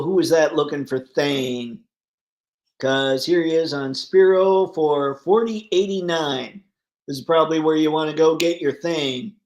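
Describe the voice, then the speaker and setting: A man hosting a casual livestream, reading viewer comments aloud and riffing on them, thinking out loud as he browses online listings. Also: medium pitch. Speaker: livestream host. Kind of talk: casual live chat.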